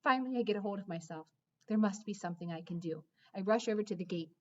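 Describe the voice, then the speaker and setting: Woman, storybook narration, expressive, medium pitch, slightly muffled recording. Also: fast. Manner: expressive, swings between dramatic hushes and excited rises. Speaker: audiobook narrator. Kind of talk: first-person children's storybook narration.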